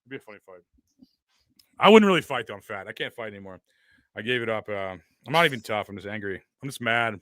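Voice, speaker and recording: A man hosting a podcast, ranting loudly with constant profanity and mock bragging in crude comedic banter. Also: on the low side, lively intonation, quick pace, no room sound. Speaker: podcast host.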